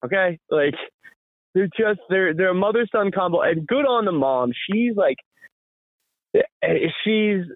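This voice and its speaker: A man chatting on a podcast, spinning a loose, excited story and laughing as he goes. His voice sits a little high and comes through tinny and narrow, like a phone line, with no room echo at all. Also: a little slow, pauses often. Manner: rambling, animated storytelling with frequent laughs. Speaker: podcast co-host. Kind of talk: casual podcast chat.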